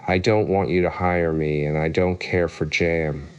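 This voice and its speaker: A man's voice: deep voice, steady tone, a little slow, darkish tone, smooth, muffled recording. A man reading an audiobook voices Alice, a polite, curious young girl who speaks timidly and courteously.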